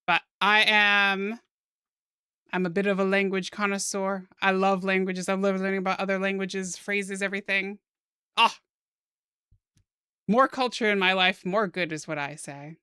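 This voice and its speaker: Soft-spoken giggly American woman streamer. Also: medium pitch, steady tone, normal speed, pauses often, clean tone, dry recording, studio quality. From United States. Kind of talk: casual chat with stream chat while drawing.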